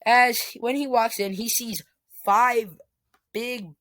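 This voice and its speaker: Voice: medium pitch, steady tone, takes it slowly, a bit bright, dry recording. A young adult improvising a fan story, rambling with many fillers and restarts.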